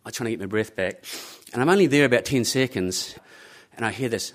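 A man telling a story live to an audience, animated and acting out the people in it. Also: mid-range voice, brisk.

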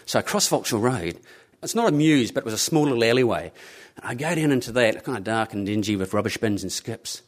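Male storyteller, live to a crowd, middle pitch, animated, plays out every character. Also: a little fast. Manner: animated, acts out the people in his story.

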